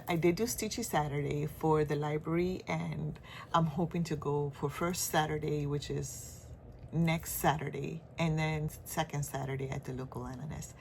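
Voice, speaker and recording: A woman's voice: deep voice, vocal fry, a little hiss or hum. A woman chatting casually in a stitching vlog, rambling and laughing often. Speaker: cross-stitch vlogger. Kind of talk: casual chat.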